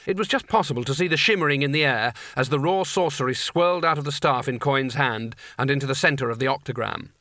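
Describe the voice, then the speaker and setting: Guy reading a fantasy audiobook, bright crisp voice, dry close mic. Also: mid-range voice, quick pace, few pauses, dry recording. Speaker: audiobook narrator. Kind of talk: scripted narration.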